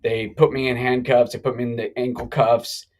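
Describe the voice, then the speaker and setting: A middle-aged man telling a long story on a live talk show, animated and rambling, with many restarts. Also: mid-range voice, moderate pace, low-quality recording. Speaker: guest.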